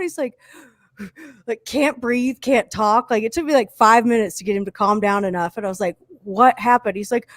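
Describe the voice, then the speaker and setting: A woman chatting casually on a radio show, telling animated stories and acting out the lines of the people in them. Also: mid-range voice, normal speed, no echo. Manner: animated storyteller who acts out quotes. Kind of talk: casual chat.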